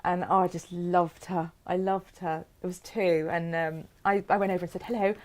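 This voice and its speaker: A woman's voice: fairly low pitch, flat delivery, moderate pace. Brief: giggly English woman, live-stream sewing host, chatty and easy. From England. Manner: chatty, giggly, reads viewer comments aloud. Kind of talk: casual live-stream chat.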